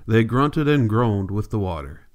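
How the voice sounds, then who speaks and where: A man narrating an audiobook in a steady, measured reading. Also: fairly low pitch. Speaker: audiobook reader. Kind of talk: scripted narration.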